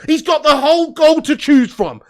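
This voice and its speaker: A man's voice: very high voice, lively intonation, normal speed, a little mellow. A man hosting a live football watch-along, reading viewer chat aloud and commentating with lots of swearing and laughter. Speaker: host.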